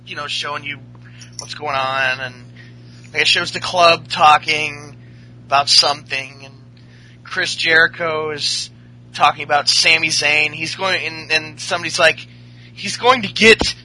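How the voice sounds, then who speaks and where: A man's voice: fairly high pitch, sharp tone, low-quality recording. A man hosting a casual podcast chat, rambling and swearing as he recaps a show. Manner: rambling, profane, laughing. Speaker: podcast host.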